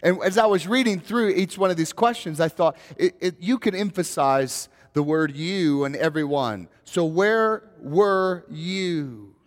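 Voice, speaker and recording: A man's voice: on the high side, normal speed, hardly any pauses, long reverb tail. A male pastor preaching a sermon in a conversational way, building to rising, emphatic questions.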